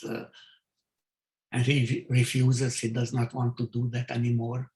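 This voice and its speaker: Older guy from hungary, slow halting talk, lots of uh's, echoey room. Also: mid-range voice, monotone, a little mellow. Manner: halting, many fillers and restarts. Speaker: Holocaust survivor speaker. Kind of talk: testimony in a video call talk. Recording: roomy echo.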